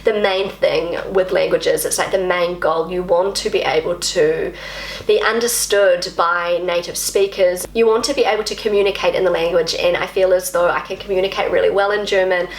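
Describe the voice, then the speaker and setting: A woman's voice: on the low side, steady tone, moderate pace. Brief: chatty woman vlogger, native English speaker, self-mocking, in a roomy space. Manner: self-deprecating, chatty, repeats words while practising. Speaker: language vlogger. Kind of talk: casual talk to camera.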